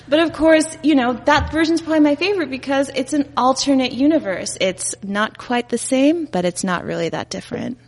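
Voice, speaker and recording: A woman's voice: high-pitched, expressive, moderate pace. A woman from Dallas telling a comic story on stage, chatty and laughing at herself. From Dallas, USA. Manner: chatty, laughing, self-mocking. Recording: noisy live venue with long reverb.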